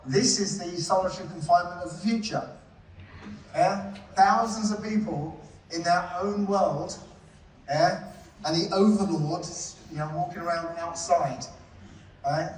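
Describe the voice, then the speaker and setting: This is a conference presenter, a man with a fairly high-pitched voice, talking live in a relaxed, chatty manner and often prompting the audience with "yeah?" or "right?". Captured from afar in an echoey hall, it carries slight background noise.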